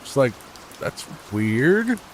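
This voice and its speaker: Soft-spoken rambling man, rain behind. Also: mid-range voice, sing-song, drawn-out words, a little hiss or hum. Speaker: gaming channel host. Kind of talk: sleepy gameplay commentary.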